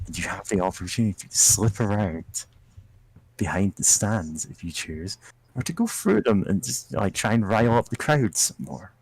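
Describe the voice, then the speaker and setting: A man's voice: on the low side, very animated, moderate pace, a little mellow, husky, no echo, poor audio. A man narrating a tabletop role-playing game as game master, improvising with rambling, hesitant phrasing. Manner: rambling, hesitant, many fillers.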